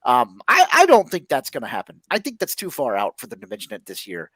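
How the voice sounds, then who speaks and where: A man's voice: medium pitch, huge pitch swings, fast talker, fairly bright tone, no room sound. A man co-hosting a podcast in casual chat, relaying news items and asking the others' views. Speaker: podcast co-host.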